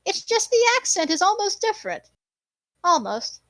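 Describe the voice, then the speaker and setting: Woman gm narrating a tabletop game, high voice, super dry sound, playful. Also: sing-song, normal speed, a bit bright, dry recording. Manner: descriptive, playful. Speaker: game master.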